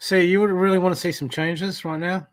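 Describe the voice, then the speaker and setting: A man doing live-stream card readings, talking warmly and repetitively to viewers by name. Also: sits high, level tone, fairly quick. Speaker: psychic reader.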